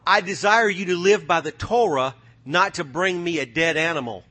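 A male pastor preaching a sermon with call-and-response, folksy speech, swinging from soft to loud. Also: high voice, moderate pace. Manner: folksy, drawls phrases like y'all and ain't.

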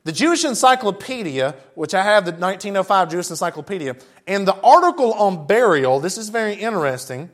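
A high-pitched man preaching and reading Bible passages aloud. He stops often for chatty asides, talking to his listeners in a plain, conversational way. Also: lively intonation, a little fast, hardly any pauses. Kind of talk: sermon with scripture reading.

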